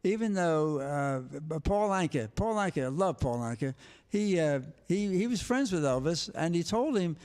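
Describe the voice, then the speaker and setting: Older man, high voice, lively storyteller, acts out quotes. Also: normal speed, clean tone. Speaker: guest, former TV sports director. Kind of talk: storytelling interview.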